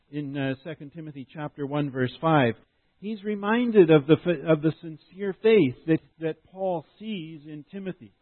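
A male pastor delivers an earnest, explanatory sermon, his voice sitting a little high for a man. The sound is narrow and tinny, like a phone line, and very dry with no room around it. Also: no room sound. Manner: earnest, explanatory preaching with frequent restarts.

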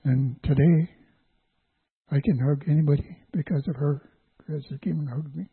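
An older man with a husky, breathy voice gives a halting personal testimony, stopping and restarting as he goes. The sound is tinny and narrow, like a phone line, and dry with no room around it. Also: on the high side, steady tone, no room sound. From Canada, Vancouver Island. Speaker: church guest giving testimony.

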